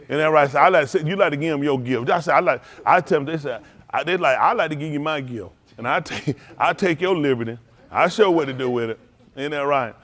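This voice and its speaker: A male pastor giving a playful sermon to his congregation, laughing and joking and then turning low and earnest. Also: fairly quick. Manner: drops to a low, quiet earnest tone for counsel.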